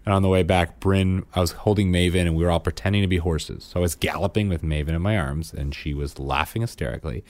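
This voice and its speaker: A man in his thirties co-hosting a casual chat, telling family stories with lively acted-out lines. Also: sits low, fast talker, hardly any pauses, no echo. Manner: animated storyteller, acts out his kids' lines. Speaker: podcast co-host.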